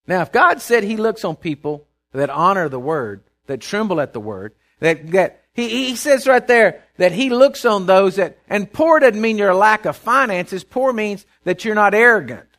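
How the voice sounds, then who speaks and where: A male pastor preaching a sermon, swinging from loud declaring to low confiding asides and calling out to the congregation in a folksy way. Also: expressive, moderate pace, hardly any pauses. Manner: folksy and conversational, calls out to the congregation.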